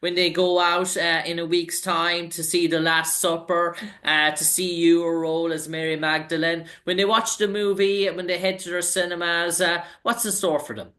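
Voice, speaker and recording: A man's voice: on the high side, little pitch movement, moderate pace, few pauses, bright, forceful tone. A man hosting an interview, asking long, rambling questions with many restarts. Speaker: interviewer host.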